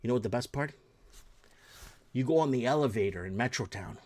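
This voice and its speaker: A man's voice: mid-range voice, animated, fairly quick, a little mellow. Heated, profane male talk show host. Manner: heated, blunt and profane, repeats himself. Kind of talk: ranting solo commentary.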